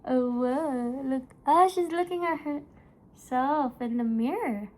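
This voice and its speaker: A young adult woman with a Cebuano Filipino accent, vlogging casually and warmly, addressing her viewers as "guys" and switching between languages. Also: sits high, slow pace, low-quality recording. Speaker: family vlogger. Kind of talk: casual vlog chat.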